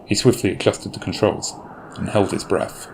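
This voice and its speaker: A man narrating a fan audio drama in a measured, grave storytelling manner. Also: deep voice, lively intonation, creaky, slight background noise.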